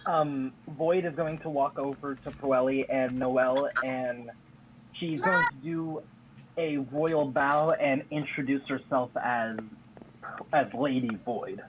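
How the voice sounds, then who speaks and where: A man's voice: mid-range voice, steady tone, slow, background noise. A man playing in a tabletop game, somewhat hesitant in his turns. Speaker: player. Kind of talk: casual tabletop game play.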